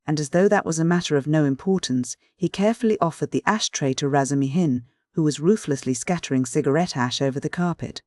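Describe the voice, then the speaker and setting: Man, audiobook narration, steady, measured, slightly high voice, dry close sound. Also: dry recording. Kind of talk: scripted literary narration.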